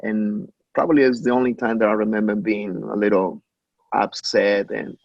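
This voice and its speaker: A man from Mexico, a chef, telling stories in an interview, halting with restarts and acting out the lines of others. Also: on the low side, steady tone, vocal fry, darkish tone, no echo, dull audio. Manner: anecdotal, acts out quoted dialogue, halting with many restarts. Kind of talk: conversational interview.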